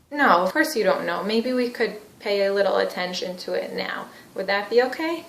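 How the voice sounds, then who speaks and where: A woman's voice: mid-range voice, animated, moderate pace, gravelly, few pauses. Woman therapy trainer demonstrating a session. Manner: explanatory, validating, gently probing. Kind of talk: teaching demonstration with role-play. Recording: echoey room.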